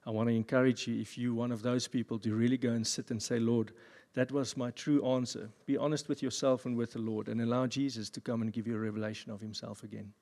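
A man pastor giving a sermon at a church service, with jokey, animated asides. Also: medium pitch, fast, few pauses. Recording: long reverb of a church hall.

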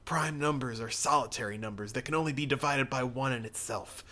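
A man's voice: medium pitch, a little fast, bright, forceful tone, lightly acted. A man voicing a composed, scheming middle-aged priest, often muttering under his breath while reading comic dialogue aloud.

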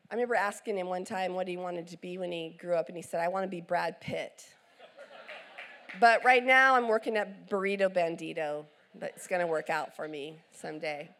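A middle-aged woman preacher, telling a story in a sermon and acting out the voices of the people in it. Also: mid-range voice.

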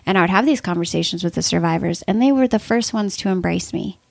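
A woman with a gravelly, fry-touched voice recounts her stories in an animated, conversational way, full of "like" fillers. She is recorded close and dry, with no room sound. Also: on the low side, fast talker, no echo. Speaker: podcast guest. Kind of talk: conversational storytelling.

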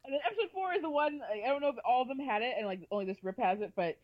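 A young woman co-hosting a podcast, chatting quickly about a TV show with fillers and joking asides. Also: high-pitched, no echo, lo-fi sound. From child of African immigrants. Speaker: podcast co-host. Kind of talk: casual chat recapping a TV show.

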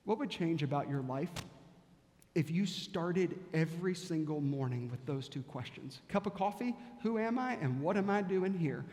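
A man's voice: on the high side, expressive, moderate pace, darkish tone, in a large hall. A male pastor preaching a sermon, telling a story and firing off repeated rhetorical questions.

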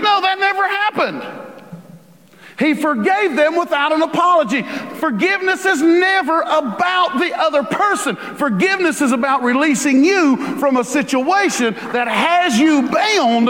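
A man preaching a sermon as a pastor, animated and acting out the voices he quotes. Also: very high voice, measured pace. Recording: reverberant hall.

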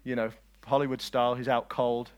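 A man preaching a lively sermon, swinging between loud declarations and quiet asides and joking with his listeners. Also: mid-range voice, a little fast, clear, resonant tone. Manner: jokes with the audience.

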